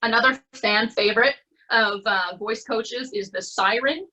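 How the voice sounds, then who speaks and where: A woman's voice: a little high, measured pace, bright, forceful tone, poor audio. A Canadian woman coaching presentation skills on a video call, talking in an encouraging, conversational way and often checking in with "okay?". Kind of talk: online workshop talk. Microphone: computer mic on a video call.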